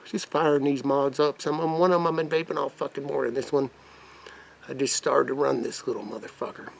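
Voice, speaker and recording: A man's voice: medium pitch, steady tone, a little fast, slight background noise. A man reviewing vape mods in a rambling, profane vlog, putting on a crude redneck persona. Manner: put-on rough redneck persona. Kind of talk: casual product demo vlog.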